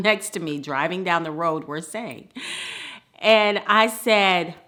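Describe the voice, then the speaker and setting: Bright-voiced woman from the Midwest. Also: lowish voice, takes it slowly. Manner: lively, laughs often. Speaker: storyteller. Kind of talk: personal storytelling.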